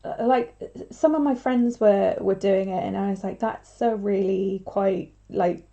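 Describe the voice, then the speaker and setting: Chatty woman, mellow and lo-fi. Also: medium pitch, a little slow, gravelly. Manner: rambling, chatty, full of filler words. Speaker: craft livestreamer. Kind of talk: casual livestream chat while crafting.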